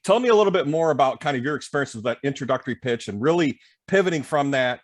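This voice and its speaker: A man's voice: mid-range voice, expressive, quick pace. A man hosting a podcast interview, a self-employed consultant talking bluntly and casually. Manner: blunt, conversational, swears casually.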